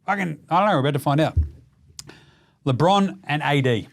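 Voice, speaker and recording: Australian male host, slightly high voice, blunt and profane, casual sports rant. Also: expressive, brisk. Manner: gets loud and high when ranting. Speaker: basketball show host.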